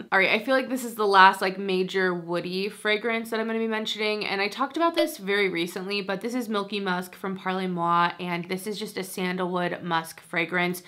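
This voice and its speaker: Young woman, vocal fry, chatty, enthusiastic, casual fragrance review. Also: mid-range voice, a bit bright. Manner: chatty, gushing, lots of "like" fillers, laughs often. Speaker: beauty and fragrance creator.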